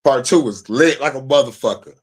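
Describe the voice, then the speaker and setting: Man, 30s, podcast host: casual, profane and excitable, laughs easily. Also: medium pitch, brisk, slightly rough. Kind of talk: casual chat.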